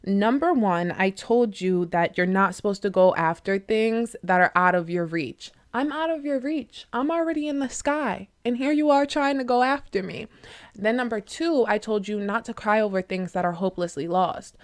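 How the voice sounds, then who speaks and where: A woman's voice: medium pitch, normal speed, few pauses, clean tone, natural voice. A woman voicing a smug male nightingale in a casual retelling of a fable, lecturing and mocking with loose everyday fillers. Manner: mocking, lecturing, laid-back with many fillers. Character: smug male nightingale, small talking bird.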